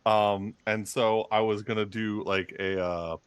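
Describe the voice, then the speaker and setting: A low-pitched man chatting casually before a tabletop game session. He sounds excitable and laughs often as he pitches ideas. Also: measured pace, clear, resonant tone, no room sound. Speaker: cast member. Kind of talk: casual chat.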